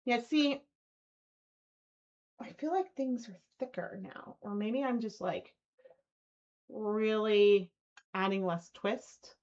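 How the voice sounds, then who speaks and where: A woman's voice: mid-range voice, slow pace, pauses often, darkish tone. Chatty woman, lo-fi stream. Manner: chatty, giggly, cooing baby talk to her dog. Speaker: fiber arts channel host. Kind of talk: casual live-stream chat while spinning yarn. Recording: lo-fi live-stream audio.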